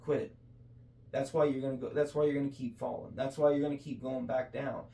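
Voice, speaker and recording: A man's voice: medium pitch, level tone, fairly quick, gravelly, mellow, roomy sound. Earnest guy preaching casually on a podcast, lots of restarts, voice bouncing round the room, mic a bit far off. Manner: earnest, preachy, full of self-corrections. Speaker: podcast co-host. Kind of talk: casual faith talk.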